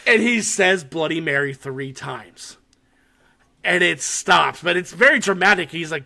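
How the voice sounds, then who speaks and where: In a laid-back podcast chat, a man animatedly walks through a horror short, swearing frequently and laughing along the way. He speaks at a measured pace in a gravelly voice on the high side.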